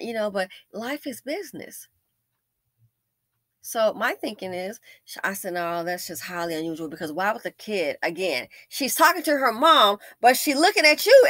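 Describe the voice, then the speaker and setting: A woman's voice: medium pitch, fairly bright tone, dry recording. A woman hosts a casual commentary, her voice swinging up and down as she tells the story. She sounds opinionated and wry, and the recording is dry and close. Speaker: commentary channel host.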